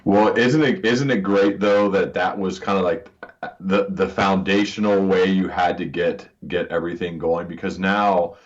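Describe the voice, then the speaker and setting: A podcast host conducts a conversational interview, speaking earnestly and often restarting his words. His voice sits low, with a steady tone at a moderate pace. The recording has dull lo-fi sound.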